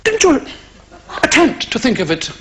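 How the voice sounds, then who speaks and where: A man's voice: very high-pitched, huge pitch swings, normal speed, fairly bright tone, slight background noise, heavily acted. A man with a Scottish accent putting on a prim, plummy English religious broadcaster who talks in a patronising way.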